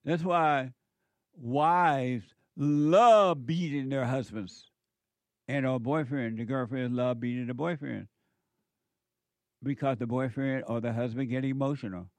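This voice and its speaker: A man's voice: mid-range voice, a little mellow, no room sound. A man hosting a commentary show, delivering an emphatic, lecturing monologue that repeats its points.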